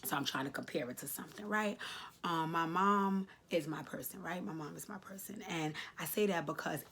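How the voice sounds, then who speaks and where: Woman, late 30s, low and husky; earnest advice vlogger speaking straight to her viewers. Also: fairly bright tone. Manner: earnest, emotional, repeats key phrases for emphasis; speaks directly to viewers, informal. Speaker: advice vlogger answering a letter. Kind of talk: heartfelt advice talk to camera.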